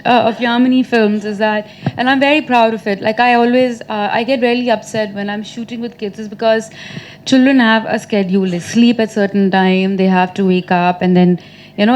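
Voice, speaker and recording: Woman, 30s, actress at a press conference; casual, talkative, fairly high voice. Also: fairly quick, slight background noise. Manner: chatty, laughs often, teasing.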